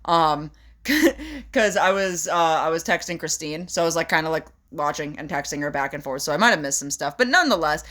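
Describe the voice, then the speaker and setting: A woman's voice: low voice, animated, a bit bright. A young woman co-hosting a casual podcast, talking in emphatic, profane bursts. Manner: emphatic, profane, rapid rants. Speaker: podcast co-host. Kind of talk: casual chat about wrestling.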